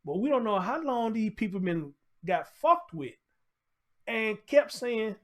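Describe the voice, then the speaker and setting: Man, high voice, show host, blunt profane rant, repetitive, heated. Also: lively intonation, measured pace.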